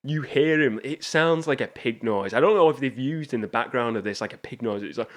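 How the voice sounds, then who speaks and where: A man hosts a casual movie review show, with a middle-pitched voice. He talks with eager enthusiasm, restarting sentences and wandering into asides as he goes. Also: a little fast. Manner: enthusiastic, rambling, frequent restarts. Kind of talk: casual film review commentary.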